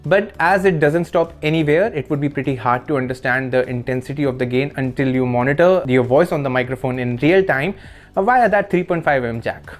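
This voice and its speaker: A man talks through a product review in a relaxed, explanatory way, tossing in playful jokes. He speaks into a desk condenser microphone in a room at home, with an average-pitched voice. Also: a little fast. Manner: casual, explanatory with playful asides. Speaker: tech reviewer. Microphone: desk condenser microphone under test.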